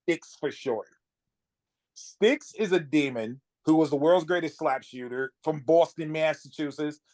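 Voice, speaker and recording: Animated higher-voiced man telling stories. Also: measured pace. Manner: animated storytelling, laughing often. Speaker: guest comic writer. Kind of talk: casual podcast chat.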